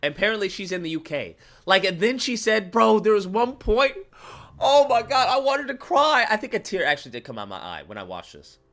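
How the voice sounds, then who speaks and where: A man's voice: sits high, very animated, a little fast, fairly bright tone. A young man ranting animatedly as a YouTube commentator, slipping into exaggerated mock voices. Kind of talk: reaction rant.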